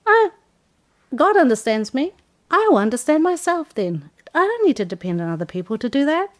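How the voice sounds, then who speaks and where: A woman's voice: high voice, fairly quick. A woman, a Christian life coach, giving a teaching talk and acting out example phrases as she goes. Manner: acts out example phrases, animated.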